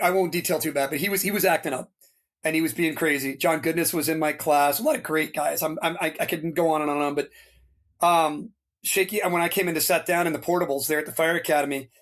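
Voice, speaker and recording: Man, 50s, higher-pitched, loose talker, animated storyteller. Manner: rambling, filler-heavy, animated when quoting others. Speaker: interview guest, retired fire lieutenant. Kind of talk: casual storytelling.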